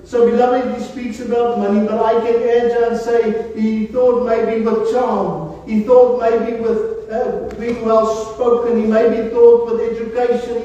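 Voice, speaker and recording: A man preaching in a high voice, dark and mellow in tone. He keeps calling the congregation beloved. The sound is dull, with long reverb from a large room and the voice far from the mic. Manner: preaching, repeatedly addressing listeners as beloved. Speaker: pastor. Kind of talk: sermon.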